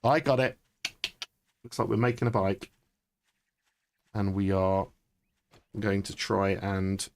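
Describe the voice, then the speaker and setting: A man, chatting excitably and thinking aloud during live gameplay commentary. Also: mid-range voice, gravelly. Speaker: streamer.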